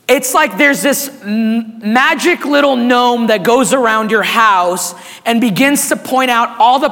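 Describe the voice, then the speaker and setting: A man preaching a sermon as pastor, hoarse and raspy, animated and calling on the congregation to respond. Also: very high voice, long reverb tail.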